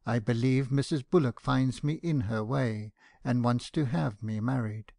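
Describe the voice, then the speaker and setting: A distressed young woman, earnest and close to tears, as a male reader puts her on. The voice is gravelly, only lightly lifted in pitch, and recorded dry and close, with no room around it. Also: measured pace, mellow, dry recording. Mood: tearful. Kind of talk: audiobook character reading.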